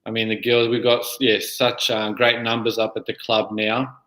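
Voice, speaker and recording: A man's voice: fairly low pitch, monotone, moderate pace, fairly bright tone, roomy sound, poor audio. An Australian man in his thirties, a guest on a soccer podcast, talking casually and rambling with lots of fillers. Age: 30s. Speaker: guest player and junior coach. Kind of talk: casual interview chat.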